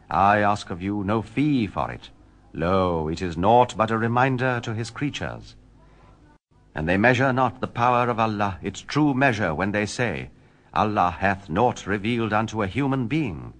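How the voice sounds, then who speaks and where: A man reading scripture aloud in a measured, solemn, formal way. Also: lowish voice, fairly bright tone. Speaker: scripture reader.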